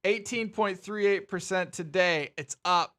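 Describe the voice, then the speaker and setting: A young man livestreaming, reacting to market swings with swearing, laughter and excited exclamations. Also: sits high, measured pace. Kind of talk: excited live stream commentary.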